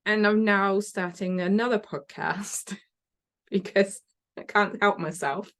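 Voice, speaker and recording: A woman's voice: mid-range voice, fairly even intonation, slow, fairly bright tone. A woman guest in a casual podcast interview, talking in a chatty, enthusiastic way and laughing often.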